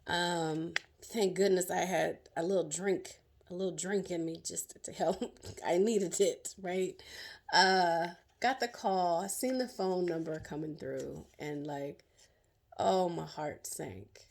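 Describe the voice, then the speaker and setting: A middle-aged woman sharing her own story as a survivor, in emotional, halting personal testimony full of fillers and restarts. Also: fairly low pitch, a little mellow.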